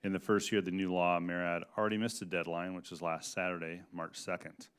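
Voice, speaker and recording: A man questioning witnesses at a committee hearing, talking in a halting, folksy way with many fillers and restarts into a desk microphone in a hearing room. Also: deep voice, flat delivery, a bit bright, clean tone. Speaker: congressman questioning a hearing panel.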